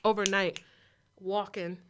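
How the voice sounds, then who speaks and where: A young woman sits in as a guest on an interview podcast, speaking candidly about her experiences. Her voice is bright and forward, and her telling is animated, full of quick impressions of the people she describes. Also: medium pitch, clear, resonant tone. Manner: animated storytelling with mimicked voices.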